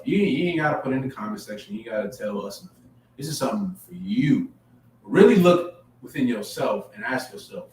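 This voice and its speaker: Male preacher, lively pitch, emphatic, heard from a distance in a reverberant room with faint hum. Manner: emphatic, rising to forceful peaks, repeats phrases. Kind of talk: street-style sermon to a camera audience.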